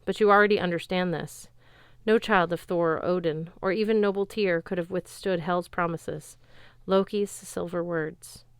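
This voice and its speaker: A woman voicing a calm, gentle male god speaking formally to his son. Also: fairly low pitch, smooth, no echo, clean studio sound, lightly acted. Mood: solemn. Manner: solemn, measured, formal.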